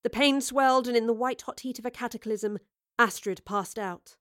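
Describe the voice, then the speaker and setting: Woman narrating a story, high and dry. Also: fairly bright tone, no echo. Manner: measured, vivid storytelling. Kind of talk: scripted audiobook narration.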